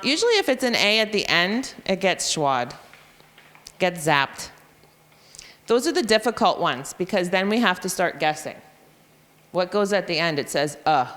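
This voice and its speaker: A woman's voice: low-pitched, a bit bright. A woman who teaches reading, explaining phonics lessons to other teachers and sounding out letters and spellings as she goes. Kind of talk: professional development talk to teachers. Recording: long hall reverb.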